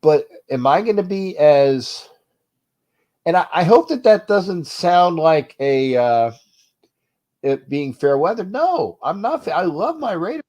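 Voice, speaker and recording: A man hosting a sports fan talk show with a stuffed-up nose, rambling and restarting, his level swinging from low mutters to loud bursts. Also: sing-song, measured pace. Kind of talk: uncensored fan rant show.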